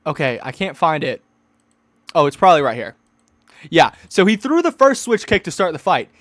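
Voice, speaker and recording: A young man in his twenties casually recapping a fight event for a stream, excitable and mocking, stumbling over restarts as he talks. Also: a little high, moderate pace, no echo. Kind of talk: casual rambling commentary.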